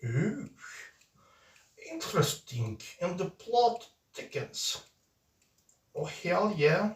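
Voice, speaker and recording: A man's voice: high-pitched, very animated, drawn-out words, pauses often. A man streaming live and chatting with viewers in a playful, hesitant way, full of fillers and restarts. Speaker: streamer reading viewer messages. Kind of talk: casual live-stream chat. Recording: roomy echo, distant mic.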